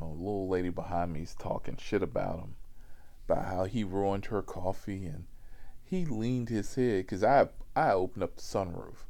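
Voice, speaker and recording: Rideshare driver, man, mellow, lively delivery, profane storyteller. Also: sits low. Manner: animated, profane, many asides. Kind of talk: casual comic storytelling.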